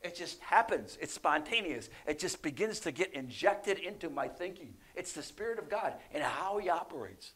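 Animated male preacher, high voice. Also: normal speed, hardly any pauses, breathy edge. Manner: animated, rising loud for emphasis then dropping soft; asks the congregation questions often. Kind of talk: sermon.

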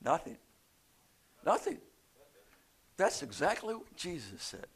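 Guy teaching a bible study, slow and emphatic, bright edgy voice, gets loud then quiet. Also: medium pitch.

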